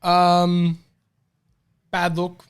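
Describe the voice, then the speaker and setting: A chatty man with a slightly higher voice that comes across smooth and clear. He talks racing tips excitedly, like a podcast co-host among mates. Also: very slow. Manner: chatty, excitable, gives shout-outs. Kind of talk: casual racing tips chat.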